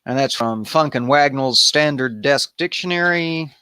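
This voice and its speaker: Brief: man, unhurried and irreverent, lively pitch, bright dry voice. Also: smooth, dry recording. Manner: irreverent, wandering asides. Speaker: host of an improvised bible study. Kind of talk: casual reading and commentary.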